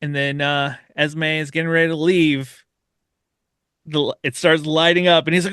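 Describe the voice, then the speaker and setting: A man hosting a podcast, casually and excitedly retelling a horror short film and acting out its characters' lines as he goes. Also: on the high side, normal speed, smooth, no echo, clean studio sound. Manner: animated retelling, acts out the characters' lines with laughter. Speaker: podcast host.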